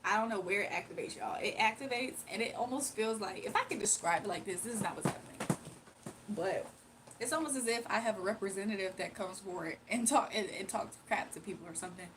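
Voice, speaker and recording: A woman's voice: mid-range voice, fast, noisy background. A tired young woman casually telling a rambling personal story on her livestream. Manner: rambling, slangy, confiding. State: sleepy and tired. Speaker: livestream host.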